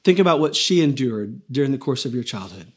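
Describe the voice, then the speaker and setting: A man's voice: mid-range voice, very animated, brisk, breathy edge. A male pastor giving a sermon in an earnest way, often repeating his first words as he begins a thought.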